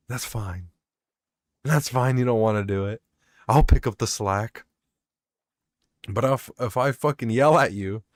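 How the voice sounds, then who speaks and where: A young gaming vlogger with a lowish voice rambles and swears while venting about work over his gameplay commentary, mocking himself along the way. The recording is studio quality with no echo.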